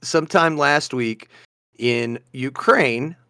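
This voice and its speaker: A man's voice: slow, no echo, clean studio sound. A man co-hosting a casual podcast chat, telling stories animatedly and laughing often. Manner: animated storyteller, acts out quotes with loud high shouts. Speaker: podcast co-host.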